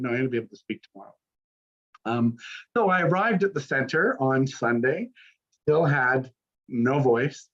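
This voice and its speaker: A man's voice: mid-range voice, highs cut off. A man, a minister, telling a personal story in a casual sermon, with many fillers and restarts. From Canada. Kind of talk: conversational sermon talk.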